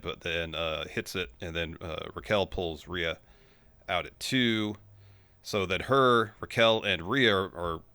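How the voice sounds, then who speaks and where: A man with a low but bright, forceful voice recaps wrestling matches on a casual podcast. He moves through the action in steady play-by-play, recorded dry and close. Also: clear, resonant tone, no room sound. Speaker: podcast co-host.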